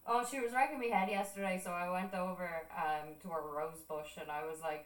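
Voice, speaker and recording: A woman's voice: lowish voice, steady tone, fairly quick, hardly any pauses, distant mic. Young irish woman, streamer, casual storytelling, swears a lot, echoey room, a bit away from the mic. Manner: chatty storytelling, swears freely, acts out quoted voices. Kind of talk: casual chat while drawing on stream.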